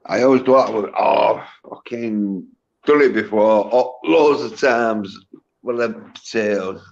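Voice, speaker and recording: A man's voice: lowish voice, a little slow, muffled recording. A man hosting a livestream, blunt and heavily profane in casual chat. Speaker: livestream host.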